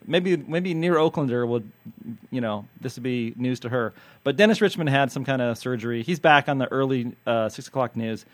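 A man's voice: mid-range voice, dry recording. A man hosting a podcast as a TV critic, chatting in a joking, rambling way and teasing his guests. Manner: jokey, rambling, quick to tease. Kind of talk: casual podcast chat.

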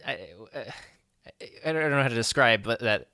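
A man's voice: medium pitch, bright, forceful tone, smooth, no room sound, clean studio sound. A man co-hosting a podcast, recapping a film in casual chat with many ums and uhs. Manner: halting, filler-heavy recap. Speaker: podcast co-host. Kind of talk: casual movie discussion.

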